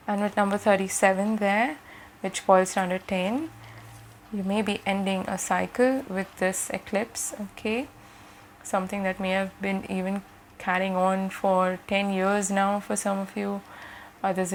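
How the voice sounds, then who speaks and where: Slow, gentle woman tarot reader. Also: medium pitch, slight background noise, low-quality recording. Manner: gentle, reassuring, frequent "okay?" check-ins. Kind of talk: channelled tarot reading to viewers.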